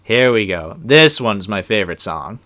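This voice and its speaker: A man's voice: fairly low pitch, expressive, normal speed, pushed and bright, no echo. A young man co-hosting a casual movie commentary, talking in a loose, rambling way with lots of fillers. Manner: rambling, loose, with many fillers and trailing sentences.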